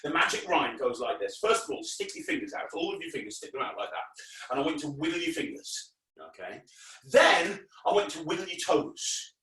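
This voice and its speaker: Doing magic-show patter for children, a man teases the kids and plays at being annoyed when his tricks fail. His slightly high voice swoops wildly in pitch, with a brisk, sharp tone, recorded from a distance in an echoey room.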